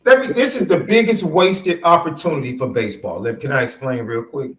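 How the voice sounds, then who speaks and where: A man's voice: a little high, fairly quick, fairly bright tone. A man co-hosting a sports podcast in casual debate, teasing his partner and repeating points for emphasis.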